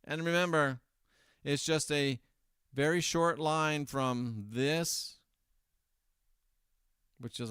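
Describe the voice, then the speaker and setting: Slow, sarcastic commentary host, man. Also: medium pitch, fairly even intonation, fairly bright tone, clean tone, dry recording, clean studio sound. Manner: sarcastic, rambling, self-correcting asides. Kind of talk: casual commentary monologue.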